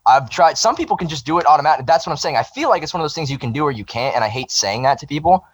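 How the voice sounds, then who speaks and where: Animated, swearing man in lively chat. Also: fairly high pitch, racing, breathy edge, low-quality recording. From Southern United States. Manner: animated, profane, rambling. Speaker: guest, band vocalist. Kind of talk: casual podcast chat.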